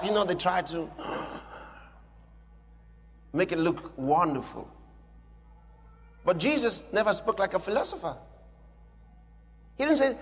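A man preaching a sermon as pastor, emphatic and drawn-out, rising now and then into a shout. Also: high voice, very animated. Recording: long hall reverb.

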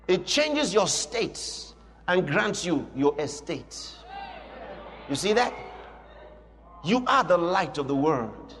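A man's voice: fairly high pitch, sing-song, slow, long pauses, a bit bright, in a large hall. A man preaching a sermon, emphatic and repeating his declarations for effect.

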